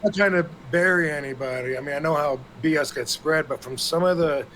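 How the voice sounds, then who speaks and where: A man's voice: a little high, brisk, a bit bright, slight background noise. A man co-hosting a podcast, talking in a rambling, blunt and profane way. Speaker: podcast co-host. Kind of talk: casual podcast chat.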